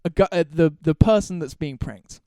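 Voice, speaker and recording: Man, solo podcast host, rambling, profane, laughing, fairly high voice, warm smooth tone, dry sound. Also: moderate pace, no echo. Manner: rambling, profane, with frequent restarts; laughs through his stories. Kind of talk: casual solo podcast monologue.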